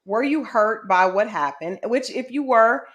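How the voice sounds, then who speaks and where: A woman's voice: a little high, lively intonation, a little slow, a bit bright, muffled recording. A woman hosting an interview, asking probing, supportive questions in casual chat. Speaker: host, interviewer.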